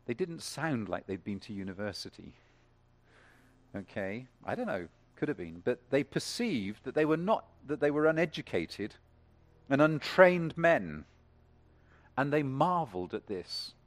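A man preaching a sermon to a congregation, talking in a lively way, building to emphatic peaks and asking the room questions. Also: medium pitch.

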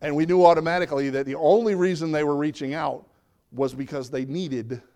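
A man's voice: steady tone, a little fast, dark tone. Middle-aged man preaching a sermon. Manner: conversational preaching, drops low for emphasis. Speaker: pastor.

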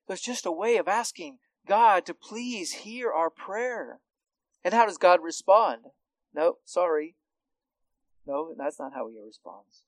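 A man's voice: high voice, expressive, unhurried, no room sound. A man teaching through a psalm verse by verse, talking conversationally with frequent restarts and tag questions. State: hard of hearing. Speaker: Bible teacher. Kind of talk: expository Bible teaching.

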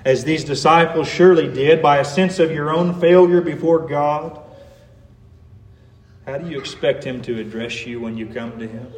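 A man preaching a sermon, earnest, growing emphatic and then softening on tender words. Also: fairly high pitch, reverberant. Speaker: pastor.

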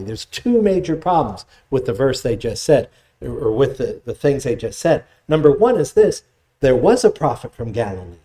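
A man's voice: a little high, expressive, normal speed, mellow. A man preaching an expository sermon in a conversational way, retelling scripture in everyday voices.

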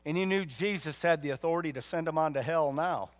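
A man's voice: fairly high pitch, quick pace. A man pastor preaching a sermon with emphatic rhetorical questions and folksy asides.

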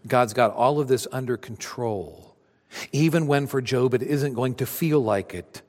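Animated man preaching in a reverberant hall. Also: mid-range voice, measured pace. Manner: animated, acts out voices of biblical figures. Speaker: pastor. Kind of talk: sermon.

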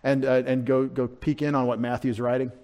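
A male pastor preaching a sermon, animated and conversational, swinging from loud emphasis to quiet asides, sounding out Greek words and dropping in joking remarks. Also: mid-range voice, fairly quick, clear, resonant tone.

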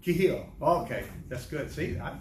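In a big church hall, an older missionary from the United States shares a funny, meandering testimony, often restarting and chuckling. His mid-range voice moves at normal speed amid crowd noise, captured by a distant mic with echo and ambient sound.

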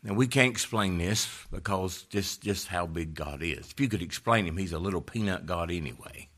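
A man preaching a sermon, rising to loud fervent peaks and dropping to hushed, low emphasis. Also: moderate pace.

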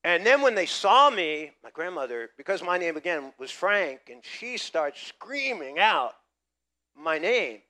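Bright-voiced man preaching a story. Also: high-pitched, very animated, measured pace. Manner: storytelling, builds from quiet to loud emphatic preaching. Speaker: pastor. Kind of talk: sermon with personal story.

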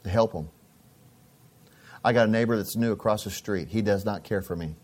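A man's voice: fairly low pitch, normal speed, darkish tone. A middle-aged man preaching a sermon as a pastor, telling stories in a conversational way and often repeating his phrases.

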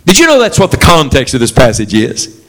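A man's voice: mid-range voice, huge pitch swings, fairly quick, fairly bright tone. A man preaching a sermon, leading his congregation in call-and-response and stressing a key word again and again.

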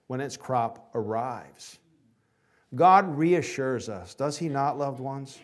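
High-voiced male preacher asking questions. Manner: preaching with rhetorical questions, swinging from loud to hushed. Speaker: pastor. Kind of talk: sermon.

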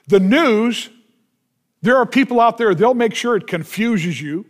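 A man's voice: high voice, lively intonation, unhurried. A male pastor preaching a sermon, with emphatic delivery, repeated refrains and rhetorical questions.

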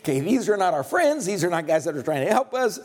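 A man's voice: high voice, very animated, fast, a little mellow. A male preacher delivering a sermon, retelling a scripture story with humor and acting out the dialogue.

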